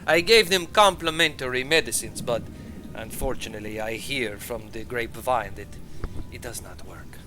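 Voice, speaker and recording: A man voicing a defensive, boastful male healer merchant who speaks halting broken English and opens lines with "eh.". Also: mid-range voice, over music, natural voice, low-quality recording. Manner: broken English with hesitant "eh" openings.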